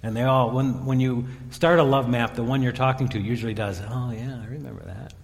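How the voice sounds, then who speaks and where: Animated preacher in a reverberant hall. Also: male voice, medium pitch, brisk, gravelly. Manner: animated storytelling, voicing biblical characters. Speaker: pastor. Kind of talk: sermon.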